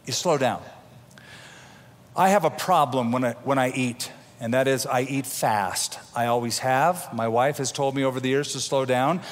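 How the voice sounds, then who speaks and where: A man's voice: mid-range voice, moderate pace. A middle-aged man preaching a sermon as pastor, talking in a conversational way with homely asides and the odd stumbling restart. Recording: long reverb of a large hall.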